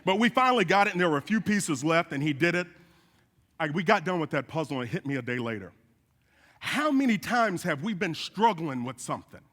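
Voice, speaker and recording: A man's voice: a little high, brisk. Man preaching in an echoey hall. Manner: animated storytelling with folksy asides. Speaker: guest speaker. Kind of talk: sermon. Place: church sanctuary.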